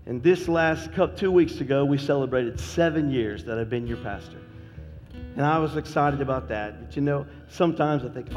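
A man's voice: mid-range voice, normal speed, darkish tone, big-room sound, soft background music. A middle-aged man preaching a sermon as pastor, folksy and joking, repeating phrases for emphasis.

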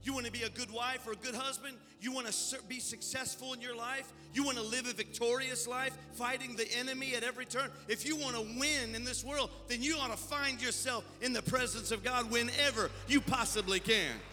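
Fervent high-voiced male pastor preaching. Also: steady tone, brisk, hardly any pauses, pushed and bright. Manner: fervent, exhorting, calls out to the congregation. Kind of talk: sermon and worship leading. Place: church sanctuary. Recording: long church-hall reverb, faint music behind.

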